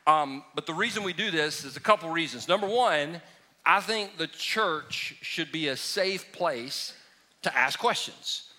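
A male pastor preaches a question-and-answer sermon in a bright, forceful voice pitched a bit high. He talks casually, drops jokes, and leans on emphatic repetition. The sound is of a church room with some distance from the mic. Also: lively intonation, measured pace. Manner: conversational, joking, emphatic preaching. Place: church sanctuary.

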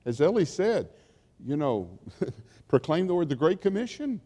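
A man's voice: fairly high pitch, big pitch swings, measured pace, long pauses, warm tone. A man preaching a sermon as a pastor, in a conversational storytelling way that acts out quotes. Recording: long hall reverb.

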